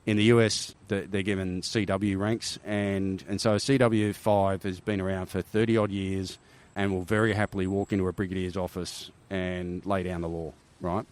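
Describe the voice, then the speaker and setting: Deep-voiced Australian man telling stories. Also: little pitch movement, moderate pace, hardly any pauses, a little mellow. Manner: rambling with restarts and frequent "right?" tags. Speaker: podcast guest, army helicopter veteran. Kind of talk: casual interview storytelling.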